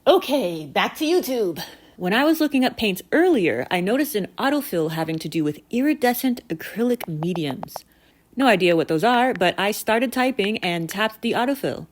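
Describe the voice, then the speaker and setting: Animated woman vlogger telling a story. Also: mid-range voice, moderate pace. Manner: animated, exasperated and self-mocking. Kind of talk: scripted storytelling voice-over.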